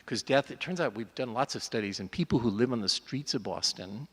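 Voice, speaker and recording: A man's voice: medium pitch, lively intonation, brisk, a bit bright, breathy edge. A man in his sixties, a doctor speaking earnestly and conversationally to a church audience, often restarting his sentences. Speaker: doctor giving a talk. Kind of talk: reflective speech to a church audience. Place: large church. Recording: long hall reverb in a church.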